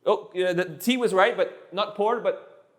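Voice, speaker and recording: A man with a high voice teaches a live class, joking and hamming things up. He drills words again and again and stumbles on restarts as he goes. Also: a little slow, fairly bright tone. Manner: playful, jokey, repeats words for drill. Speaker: Spanish teacher.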